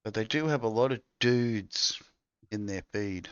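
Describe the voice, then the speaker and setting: Co-host: man, very low voice, rambling and crude, dry lo-fi sound. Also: measured pace, a bit bright, clean tone, dry recording. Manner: rambling, crude, laid-back. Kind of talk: casual chat.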